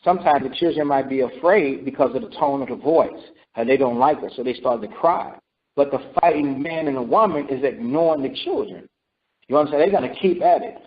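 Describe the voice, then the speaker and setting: This sermon comes from a medium-pitched man talking a little fast as he teaches scripture. Repetition runs through it, along with "right?" and "okay?" prompts for the listeners. The recording is dull and lo-fi.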